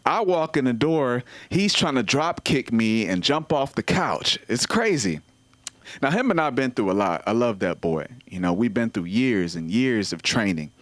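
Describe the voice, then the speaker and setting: A man performing a stand-up comedy set at an open mic, telling animated stories and acting out the voices of people and dogs. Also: mid-range voice, a little slow, no room sound.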